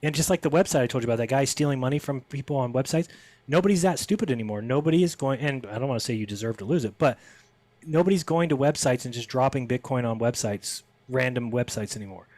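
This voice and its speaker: A man's voice: medium pitch, quick pace, darkish tone, no room sound. A man as a podcast guest, telling a story in casual conversation and acting out the people he quotes with a raised voice.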